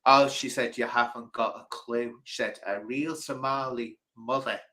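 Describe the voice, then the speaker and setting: Animated man telling stories. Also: mid-range voice, a little slow, rough recording. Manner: animated storyteller, mimics people in quotes. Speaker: host. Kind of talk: casual livestream chat.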